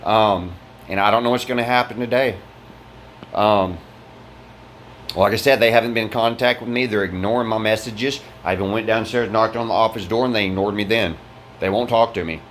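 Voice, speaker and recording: A man's voice: lowish voice, fairly even intonation, a little fast, a bit bright, a little hiss or hum. A man venting about his fire-damaged apartment in an angry, rambling vlog, swearing often and restarting his sentences, recorded inside the damaged apartment. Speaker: vlogger.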